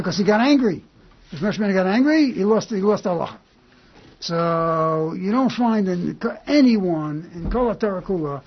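A man giving an informal Torah class, talking in halting bursts and repeating phrases as he works through a point. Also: a little high, creaky, slightly rough. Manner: halting and repetitive, restarting phrases. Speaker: Torah teacher. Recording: dull lo-fi recording.

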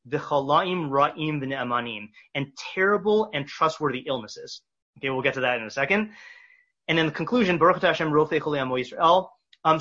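A man teaching a text study class, reading verses slowly and explaining them with many fillers and restarts. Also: fairly high pitch, sharp tone, breathy edge. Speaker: Torah teacher. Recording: dull lo-fi recording.

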